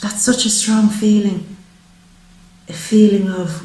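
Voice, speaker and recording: A woman giving a spoken psychic tarot reading, gentle, earnest and emotional, often slowing down. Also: mid-range voice, fairly even intonation, echoey room, poor audio. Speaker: tarot reader.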